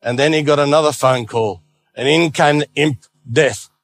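A lively preaching man, slightly high voice. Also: moderate pace. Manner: lively storyteller, playful asides. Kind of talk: sermon storytelling.

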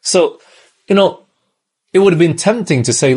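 A man's voice: a little high, normal speed, long pauses, darkish tone, slightly rough. A man from Australia preaching a sermon in a conversational way, often asking the listeners questions.

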